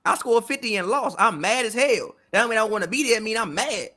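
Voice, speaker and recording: A man co-hosting a casual sports podcast, arguing in an animated, slangy way full of repeated phrases. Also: sits high, a little fast. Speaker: podcast co-host.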